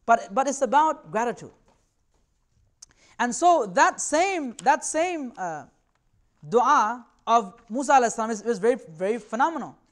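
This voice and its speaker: A man's voice: very high-pitched, lively intonation, normal speed. Earnest man giving a conversational talk. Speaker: invited speaker. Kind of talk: religious talk to students.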